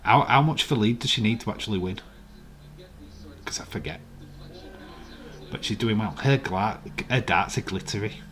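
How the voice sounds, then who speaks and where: A man's voice: lowish voice, moderate pace, long pauses, fairly bright tone. A man with a Yorkshire accent, hosting a live watch-along stream and chatting casually, teasing viewers in the chat. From England.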